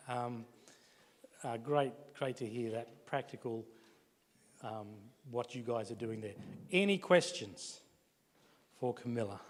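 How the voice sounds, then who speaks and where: A man hosts the question time at a conference, speaking at a very slow, unhurried pace with plenty of fillers. His voice is mid-pitched, and the big hall adds a long, trailing reverb. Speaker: session moderator. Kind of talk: hosting a conference Q&A.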